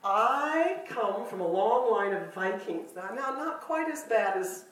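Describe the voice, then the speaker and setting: A woman's voice: fairly high pitch, animated, measured pace, fairly bright tone. An older woman shares personal stories at a retreat, mocking her own failures and breaking into laughter. Her voice reaches the mic from a distance and carries the echo of a roomy hall. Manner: self-deprecating, humorous, laughs often. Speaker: retreat speaker. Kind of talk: personal storytelling talk. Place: retreat meeting room.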